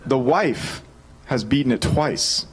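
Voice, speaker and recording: A man in his thirties preaching a sermon, telling a personal story in an energetic, joking way. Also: mid-range voice, takes it slowly. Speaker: pastor.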